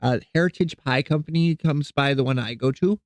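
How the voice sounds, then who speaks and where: A man's voice: a little high, brisk, no echo. Easygoing male streamer, rambling chat, dry sound. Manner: rambling, easygoing, chatting with viewers while cooking; softens and coos when talking to his cats. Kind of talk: casual live-stream chat.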